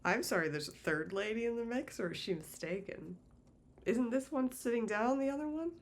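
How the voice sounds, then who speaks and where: A woman's voice: fairly high pitch, animated, moderate pace, slight background noise. A woman hosting a reaction video, giving frank, wry commentary on a dating show. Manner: wry and frank, with small laughs. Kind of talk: candid reality-show commentary.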